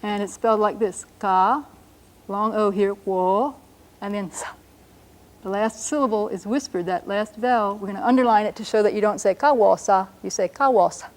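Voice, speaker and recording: A woman's voice: medium pitch, fairly even intonation. Patient woman teaching a language lesson. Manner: patient, explanatory, slows down to sound out words.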